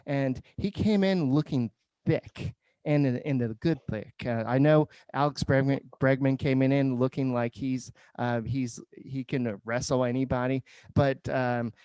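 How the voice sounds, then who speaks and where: Smooth-voiced man in relaxed podcast chat. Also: medium pitch, a little slow, dry recording. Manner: relaxed, many fillers. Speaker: podcast co-host. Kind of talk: casual sports podcast chat.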